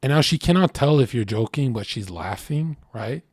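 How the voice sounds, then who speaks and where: A man's voice: mid-range voice, expressive, moderate pace, background noise. A man streaming, reacting to chat and reading messages aloud, in a brash, profane, boastful way, rambling and acting out bits of dialogue.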